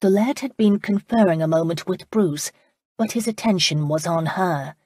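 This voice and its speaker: A woman reading a historical romance audiobook in calm, even scripted narration. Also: lowish voice, normal speed, breathy edge, dry recording, clean studio sound.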